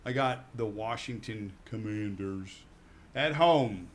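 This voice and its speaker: A man's voice: lowish voice, a little hiss or hum. A man co-hosting a sports radio show, making football picks in casual, upbeat banter. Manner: lively, upbeat, quick-firing picks. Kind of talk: casual sports betting chat.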